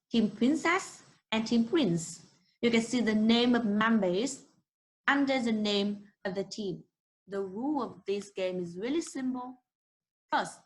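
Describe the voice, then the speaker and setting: A young woman with a Vietnamese accent teaching an English class online, encouraging and slowly modeling words for students to repeat. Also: medium pitch, poor audio.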